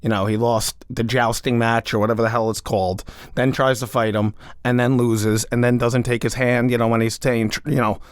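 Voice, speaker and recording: A man's voice: mid-range voice, level tone, fairly quick, clear, resonant tone, dry recording, studio quality. A man co-hosting a podcast in casual chat, laid-back and jokey, often acting out quotes. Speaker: podcast co-host.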